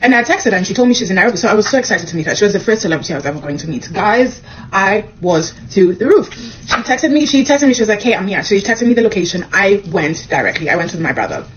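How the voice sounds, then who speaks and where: A young woman from Kenya, a comedian, telling a personal story to camera in a casual, animated way, acting out the dialogue. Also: dull audio, a little hiss or hum. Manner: animated, acts out the dialogue with quick pitch jumps.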